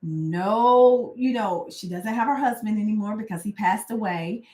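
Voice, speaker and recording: A woman who coaches and hosts delivers a laid-back yet passionate motivational talk, peppered with fillers as her indignation builds. She speaks at medium pitch, a little slowly, with a mellow tone and roomy sound.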